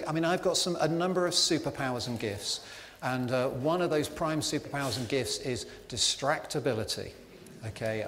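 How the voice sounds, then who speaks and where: In a reverberant church hall with faint ambience, a male preacher with a slightly high voice delivers a conversational sermon. He's chatty and self-deprecating, filling his talk with fillers and asides, and the recording carries a little hiss or hum.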